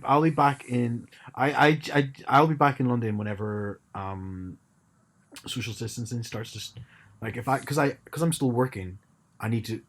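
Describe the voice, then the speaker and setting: A man co-hosting a podcast, his voice sitting on the low side. He rambles in casual chat, stumbling and restarting his sentences often. His tone is wry. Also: breathy edge. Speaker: podcast co-host.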